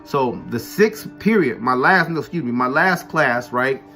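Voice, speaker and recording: With faint music in the background, a man recounts a school-days story for his vlog in a relaxed, profane manner loaded with slang and "you know what I'm saying." He speaks unhurriedly in a medium-pitched, animated voice that's bright and forceful.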